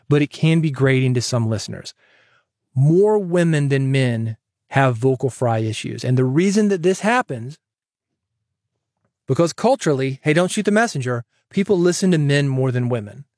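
A man hosting a podcast, giving advice in an energetic, chatty way that jokes with the listener. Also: mid-range voice, no echo, clean studio sound. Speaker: podcast host and coach.

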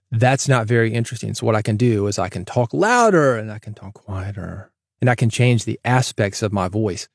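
A man's voice: mid-range voice, creaky, darkish tone, no room sound. A man hosting his own podcast in a casual solo monologue, with varied, emphatic delivery, recorded in a foam-treated closet studio. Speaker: podcast host. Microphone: studio microphone.

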